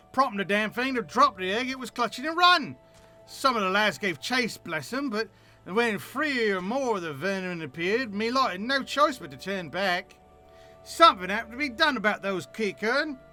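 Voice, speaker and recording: A man voicing a gruff, brusque male ranch wrangler in a put-on rustic accent, reading game dialogue aloud. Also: high-pitched, expressive, moderate pace, sharp tone, faint music behind, pitched above the performer's own voice, heavily acted. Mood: indignant.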